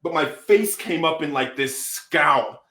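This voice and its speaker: As a podcast guest, a man with a slightly high voice tells his story slowly but animatedly, acting out what people said. He keeps dropping "bro" between phrases, and the room echoes around him.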